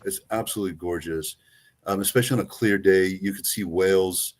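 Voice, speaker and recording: A man with a very low voice and a Greek accent talks through a travel itinerary in a loose, rambling way. He co-hosts a casual travel show and fills his sentences with ums and restarts. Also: steady tone, fairly quick. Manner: rambling, many fillers and restarts. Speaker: co-host, travel agent. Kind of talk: casual chat.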